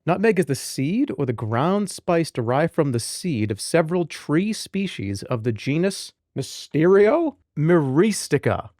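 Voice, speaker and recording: A man in his thirties chatting casually to viewers on a livestream, joking and rambling with sudden loud outbursts. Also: a little high, big pitch swings, a little slow, hardly any pauses, no echo, clean studio sound. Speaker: streamer.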